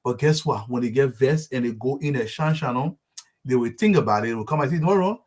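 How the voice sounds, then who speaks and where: A man's voice: medium pitch, a little fast, a little mellow. A man hosts a casual live show, greeting viewers by name in a friendly, rambling way with many fillers and restarts. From Liberia. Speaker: show host.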